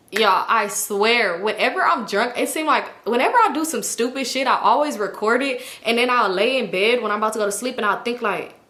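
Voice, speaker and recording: A woman telling a storytime in a casual, animated, slangy way with lots of swearing. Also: fairly high pitch. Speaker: storytime vlogger. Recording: echoey room.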